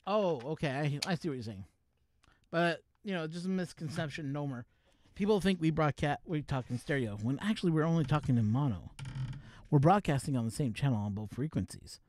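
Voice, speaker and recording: A man's voice: a little high, expressive, brisk, darkish tone. A man from Canada hosting a livestream, chatting casually about microphones with a joking, explanatory manner on a studio mic. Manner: jokey, explains gear, breaks into laughter. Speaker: livestream host. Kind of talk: casual chat to a co-host on stream. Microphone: professional mic wired into a mixer.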